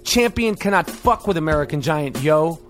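A middle-aged man hosting a podcast, telling a rambling, profane story full of slang and excitement. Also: a little high, moderate pace, faint music behind. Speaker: podcast host. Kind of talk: casual storytelling monologue.

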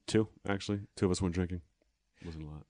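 A man, a comedian, chatting casually and telling sardonic stories at a quick clip, sometimes slipping into voices of the people he describes. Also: low-pitched, a little mellow, no room sound. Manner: fast, sardonic storytelling with voiced impressions. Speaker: stand-up comedian guest. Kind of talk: casual chat.

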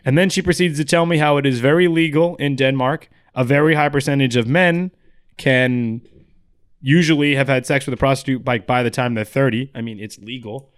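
A man's voice: mid-range voice, brisk. Young guy, laid-back, swears a lot; casual podcast storyteller.

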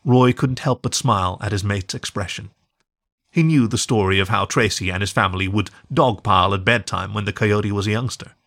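A man reading a storybook aloud as the storyteller, in an expressive, measured way. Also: on the low side. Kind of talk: scripted narration.

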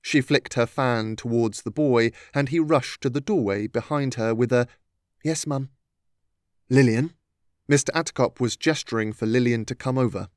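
A man's voice: mid-range voice, normal speed, few pauses, smooth, no room sound. Man reading a storybook, dry sound. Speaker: narrator. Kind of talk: audiobook narration.

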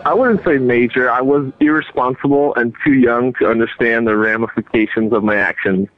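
A young man from California calls in over a thin, phone-like line. He talks about himself in an easygoing, self-deprecating way, and his voice sits at an ordinary pitch. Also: moderate pace, soft background music. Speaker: caller, former minor league baseball player. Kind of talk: phone call.

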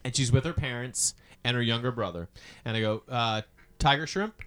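A man in a casual chat who tells his story with lots of animation. He jumps into the voices of the people he quotes, with sudden loud, profane outbursts, and his pitch sits in the middle of the usual range. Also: moderate pace, slight background noise. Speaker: podcast co-host.

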